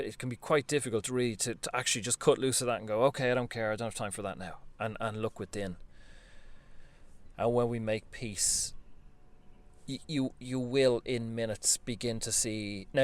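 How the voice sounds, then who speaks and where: A man talking earnestly in a reflective spiritual monologue, gently coaching the listener and laughing softly now and then. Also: mid-range voice, clear, resonant tone. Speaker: spiritual vlogger.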